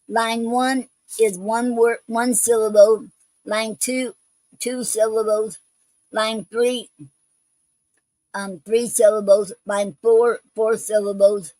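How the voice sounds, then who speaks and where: A woman's voice: mid-range voice, a little mellow, no echo, poor audio. A woman hosting a poetry show, reading poems and explaining a poetic form in a hesitant way, with many ums and restarts.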